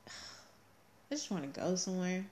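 A woman co-hosting a casual chat, telling family stories with animated energy and frequent laughter. Her voice sits low and sounds mellow. Her delivery is relaxed. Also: slow pace. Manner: animated storytelling, laughs often. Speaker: co-host, mother.

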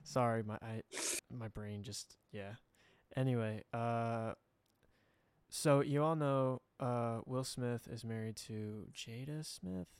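Young dude rambling on a podcast, smooth voice, laughs a lot, dry close mic. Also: male voice, mid-range voice, takes it slowly, dry recording. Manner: rambling, laughs often, trails off mid-sentence. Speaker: podcast co-host. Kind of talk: casual chat.

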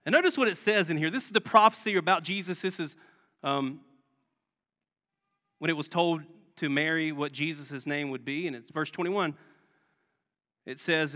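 A guest pastor with a slightly high, sharp voice preaches at normal speed, pausing often. He talks conversationally and poses rhetorical questions to the congregation, and the church sanctuary adds a long hall reverb.

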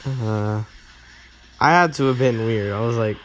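A young man rambling to himself while playing a mobile game, self-mocking and given to excitable outbursts, recorded on a phone. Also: medium pitch, unhurried, a little hiss or hum. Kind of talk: casual gameplay commentary.

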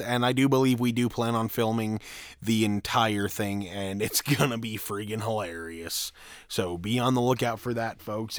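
A man's voice: fairly low pitch, smooth, no room sound. A man chatting on a podcast, crude and rambling, laughing at his own jokes. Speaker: podcast co-host. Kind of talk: crude casual podcast banter.

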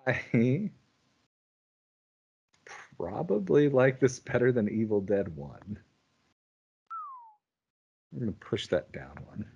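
A man's voice: medium pitch, lively intonation, slow pace, gravelly, pauses often, a little mellow, slightly rough, dull audio. A man co-hosting a podcast in casual chat, laughing often and retelling scenes with animation. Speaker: podcast co-host.

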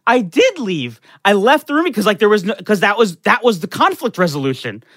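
A young man telling a profane, animated story in casual chat, full of restarts and "like". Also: sits high, fast talker.

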